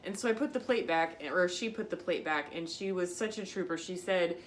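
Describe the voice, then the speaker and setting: Middle-aged woman vlogger, lowish voice, chatty storyteller, faint background hiss. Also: a little fast. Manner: chatty, self-conscious, with frequent fillers. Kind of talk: casual storytelling to camera.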